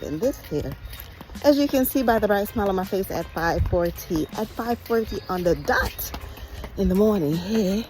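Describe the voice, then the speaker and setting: A woman from Jamaica vlogging casually on a beach at sunrise, talking fast and chatty with laughs, recorded on a phone at arm's length. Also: medium pitch, animated, darkish tone, faint music behind, poor audio. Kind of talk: casual walking vlog.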